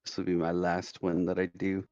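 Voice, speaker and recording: A man's voice: deep voice, monotone, brisk, darkish tone, dry recording. A man playing in a tabletop role-playing game who speaks in a plain, matter-of-fact way. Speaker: player. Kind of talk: casual tabletop play. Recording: muffled lo-fi mic.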